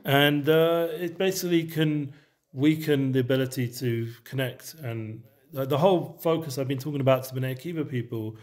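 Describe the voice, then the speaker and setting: A man leading a relaxed Torah study session, explaining Hebrew texts in a loose, conversational way. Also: medium pitch, moderate pace. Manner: mixes Hebrew terms into English, loose and conversational. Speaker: Torah teacher.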